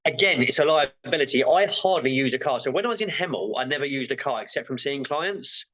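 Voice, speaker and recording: A man's voice: mid-range voice, lively intonation, fairly quick, fairly bright tone, rough recording. A male therapist being interviewed, talking frankly and rambling with lots of fillers. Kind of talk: casual interview chat.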